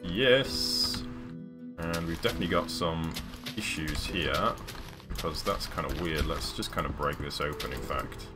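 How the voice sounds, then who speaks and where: Deep-voiced man rambling on a stream. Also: measured pace. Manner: rambling, hesitant, many fillers and restarts. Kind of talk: casual live-stream chat while gaming. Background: background music.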